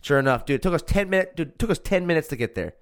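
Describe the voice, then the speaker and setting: A man's voice: a little high, animated, racing. A young man from Chicago telling a rambling, profane story in casual chat.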